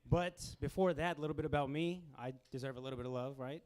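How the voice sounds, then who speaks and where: A young man hosting a stand-up comedy show in a small club, talking casually with deadpan asides and acting out customers. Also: a little high, quick pace.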